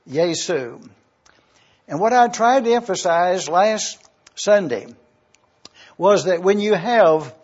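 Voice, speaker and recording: Slow, high-voiced preacher man. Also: lo-fi sound. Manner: slow, deliberate Bible teaching with spelled-out words. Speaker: pastor. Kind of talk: sermon.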